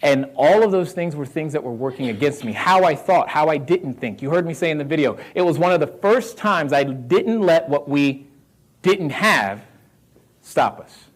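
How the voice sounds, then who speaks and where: A man's voice: on the high side, moderate pace. A man with a Southern American accent giving a live motivational talk on real estate, quizzing the audience and repeating his key lines. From North Carolina roots. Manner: energetic, asks the crowd questions, repeats key lines.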